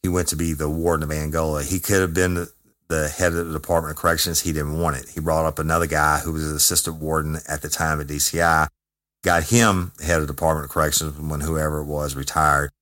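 A man, a former correctional officer, telling a story in a profane, emphatic, animated way. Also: rumbling low, fast talker. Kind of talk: casual storytelling.

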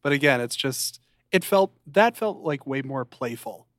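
A man's voice: unhurried, no echo, studio quality. A man co-hosting a podcast, chatting casually and acting out quotes from a show in a raised voice. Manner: animated, acts out quotes in a high voice. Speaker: podcast co-host. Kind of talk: casual chat recapping a show.

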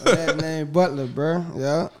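High-voiced animated man. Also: takes it slowly, noisy background. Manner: animated, acts out voices, laughs often. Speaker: podcast guest. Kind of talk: casual storytelling.

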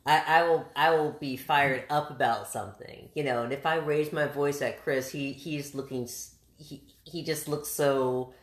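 Very deep-voiced, expressive woman. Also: moderate pace, few pauses. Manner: expressive, animated, restarts sentences. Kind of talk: casual conversation. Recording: roomy echoing room.

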